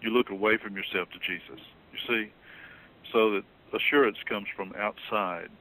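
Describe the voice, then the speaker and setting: A man in a theological discussion, explaining earnestly and jumping up in pitch when he quotes someone. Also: normal speed, pushed and bright, poor audio. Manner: earnest, explanatory, rises sharply when quoting. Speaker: theologian being interviewed.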